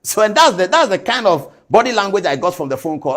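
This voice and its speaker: A man commenting on a talk show, telling a story in an animated, apologetic way. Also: high voice, fairly quick.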